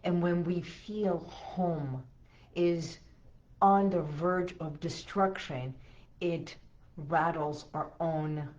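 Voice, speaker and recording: Woman, low voice, unhurried, soothing wellness coach, slightly dull lo-fi audio. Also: steady tone, darkish tone. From Los Angeles area, USA. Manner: slow, soothing, coaching with emphatic repetitions. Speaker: podcast host. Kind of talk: solo wellness talk, guiding techniques.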